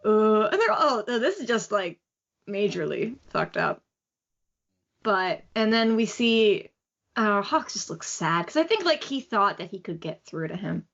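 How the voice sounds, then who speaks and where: A woman's voice: medium pitch, big pitch swings, a little slow, gravelly, fairly bright tone. A woman co-hosting a podcast, rambling eagerly in casual fan discussion. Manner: enthusiastic, rambling with many fillers. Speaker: podcast co-host. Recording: dull lo-fi audio.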